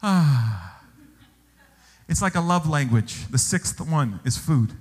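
A male pastor preaching a sermon, telling stories with animated exclamations. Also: a little high, moderate pace. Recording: long hall reverb.

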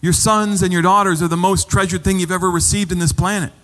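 A man's voice: high-pitched, fairly even intonation, fast talker, fairly bright tone, big-room sound. A man preaching a sermon as pastor, conversational and repeating phrases for emphasis.

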